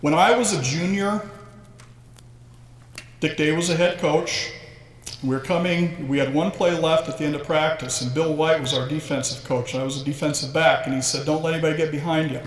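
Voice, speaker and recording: A man in his sixties, voice a little high and pace moderate, tells humorous stories at his own expense in an induction speech. The audio has hall echo and faint ambience.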